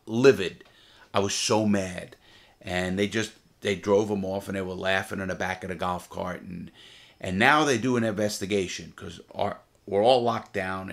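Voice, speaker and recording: Middle-aged guy with a deep voice, swearing a lot, hammering the same lines over and over. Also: gravelly. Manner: blunt, profane, emphatic retelling with repeated phrases. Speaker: former prisoner telling his story. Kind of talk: casual storytelling monologue.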